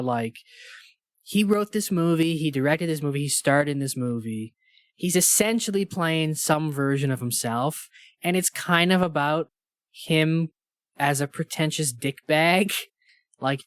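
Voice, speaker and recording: A man's voice: a little high, fairly bright tone, no room sound, studio quality. A man co-hosting a podcast, chatting casually and sarcastically about a movie. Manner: sarcastic, mocks characters in put-on voices. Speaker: podcast co-host. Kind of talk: casual chat.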